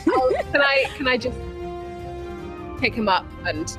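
A woman playing a tabletop game, chatty and quick to apologize. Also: high voice, expressive, music in the background. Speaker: player. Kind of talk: casual tabletop play.

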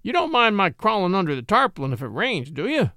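Man putting on a pushy deputy, loud and insistent, higher pitch, lively. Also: fast, dry recording, studio quality, exaggerated voice. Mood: probing. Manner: loud, insistent country talk. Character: pushy rural male deputy hunting a fugitive.

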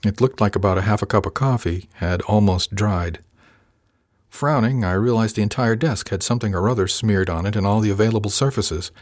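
Low-voiced male audiobook narrator. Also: brisk, no room sound, clean studio sound. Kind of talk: first-person scripted narration.

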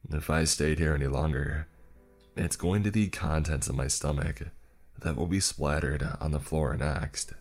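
A man's voice: very deep voice, fairly even intonation, measured pace, faint music behind. A man narrating a first-person story in a wry, exasperated way.

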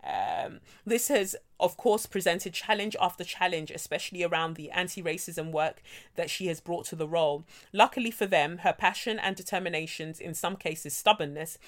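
A woman co-hosting a podcast, reading out a listener's letter and chatting casually, animated and quick to laugh. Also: on the low side. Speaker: podcast co-host.

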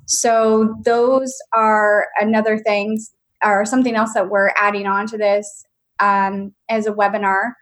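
A woman's voice: mid-range voice, poor audio. A woman co-hosting a podcast as an intuitive coach, easygoing and explanatory in casual chat.

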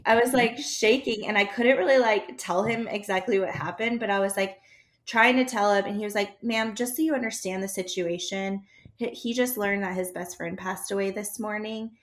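A woman telling a story in casual chat, animated and acting out the dialogue, with laughter between lines. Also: medium pitch, moderate pace.

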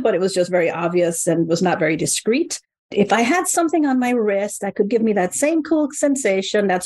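A woman in her fifties, a company co-founder, telling her story as a guest in an animated, exclamatory way. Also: mid-range voice, dry recording. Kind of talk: conversational storytelling.

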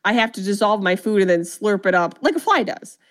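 A woman's voice: mid-range voice, lively intonation, fairly quick. A woman co-hosting a podcast, animatedly retelling a film's plot and acting out the characters' lines in casual chat. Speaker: podcast co-host. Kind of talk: casual movie recap chat.

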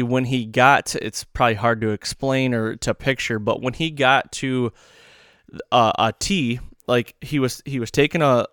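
A man's voice: medium pitch, fairly bright tone, clean tone, dry recording, clean studio sound. A man hosting a podcast, telling a long story casually in a rambling, self-correcting, folksy way. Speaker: podcast host.

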